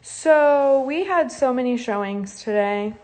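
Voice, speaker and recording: A woman's voice: sits high, animated, takes it slowly, a little mellow. A woman ranting on a live stream, angry and swearing a lot while crying. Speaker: livestreamer.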